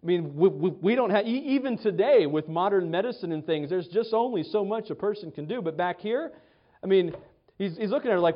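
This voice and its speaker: A man's voice: a little high, animated, normal speed. A man preaching a sermon in a conversational way, often restarting and acting out quotes. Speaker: pastor. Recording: dull lo-fi sound.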